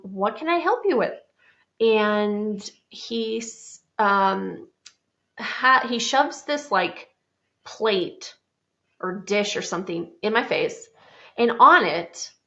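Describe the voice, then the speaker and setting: A woman's voice: mid-range voice, vocal fry, pushed and bright, lo-fi sound. A woman hosting a podcast, telling a personal story in a chatty, frank, self-mocking way. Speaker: podcast host. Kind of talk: casual storytelling monologue.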